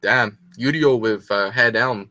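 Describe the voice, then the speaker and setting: A young Englishman with a medium-pitched, sharp-toned voice speaks at a measured pace, recorded with no room sound. Hosting a solo anime reaction video, he gushes and exclaims excitedly in a breathless, rambling way.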